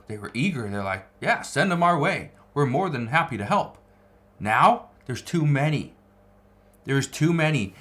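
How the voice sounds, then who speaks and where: A man's voice: mid-range voice, fairly bright tone. Emphatic man commenting on news. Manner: emphatic, repeats key phrases. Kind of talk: news commentary reading articles.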